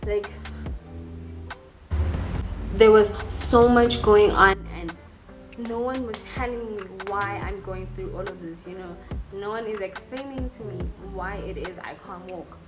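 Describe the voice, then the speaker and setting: A woman's voice: medium pitch, a little slow, long pauses. A young adult woman, telling a personal story in a candid, emotional vlog, with lots of 'like' and 'you know'. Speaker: vlogger. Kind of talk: storytime vlog, casual chat. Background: background music.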